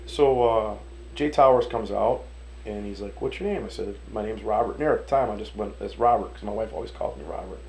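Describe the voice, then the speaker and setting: A Detroit chef spins a lively yarn in a gravelly voice, jumping into the voices of the people in his story. He talks the loose, casual way a man does among friends. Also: lowish voice, fairly quick, slight background noise, rough recording. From Detroit, USA. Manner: animated storyteller, acts out voices, swears casually. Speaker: restaurant owner and chef.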